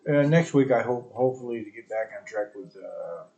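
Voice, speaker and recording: A man's voice: medium pitch, expressive, fairly quick, warm tone, muffled recording. Crude rambling male podcast host. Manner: crude, profane, rambling and sarcastic. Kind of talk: solo live stream chat.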